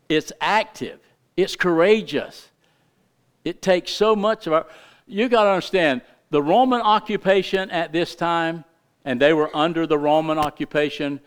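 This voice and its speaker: A man's voice: a little high, clear, resonant tone. A middle-aged man preaching a sermon in a folksy, emphatic way, full of rhetorical questions. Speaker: pastor.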